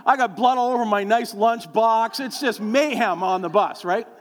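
Predicador de voz aguda en una sala con eco. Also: male voice, sits high, normal speed. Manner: folksy storytelling with many fillers, acting out quoted voices. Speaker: pastor. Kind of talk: sermon. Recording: long hall reverb.

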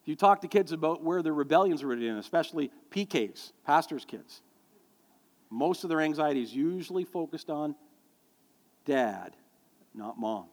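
Preaching at a moderate pace in a fairly high voice, a middle-aged pastor spins stories and trades jokes with his congregation in an animated way. The church sanctuary gives the recording a long hall reverb.

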